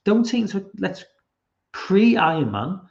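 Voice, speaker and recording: A man's voice: high-pitched, very animated, unhurried, gravelly, darkish tone, dull audio. A man hosting a casual podcast stream, rambling and swearing with lots of ums and restarts. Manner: rambling, sweary, full of fillers. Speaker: podcast host. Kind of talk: casual livestream chat.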